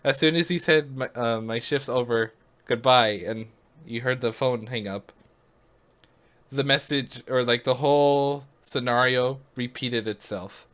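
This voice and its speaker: A man's voice: mid-range voice, a bit bright. A man vlogging casually, rambling through a story with lots of "like" and frequent laughs.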